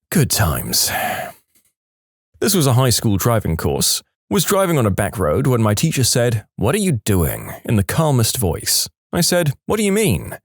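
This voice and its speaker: A man reading reddit stories aloud, with lively storytelling and punchy asides. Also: on the low side, no room sound, clean studio sound. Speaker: narrator.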